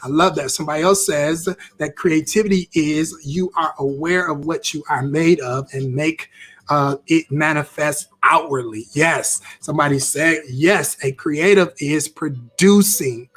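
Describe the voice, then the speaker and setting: A man's voice: a little high, unhurried, a bit bright, breathy edge. A man teaching a live-streamed interactive class on creativity, upbeat, repeating phrases as he reacts to viewer comments.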